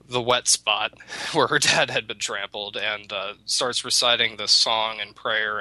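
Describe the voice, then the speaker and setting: A man's voice: on the low side, sharp tone, no room sound, rough recording. A man telling a folk tale in casual conversation, hesitant, with frequent restarts and fillers. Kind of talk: casual storytelling chat.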